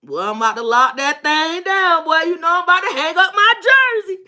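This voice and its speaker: A woman's voice: very high-pitched, lively intonation, brisk, pushed and bright, heavily acted. A woman voicing a smitten young man who brags to his friend on the phone in heavy slang. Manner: boastful, slangy, drawling.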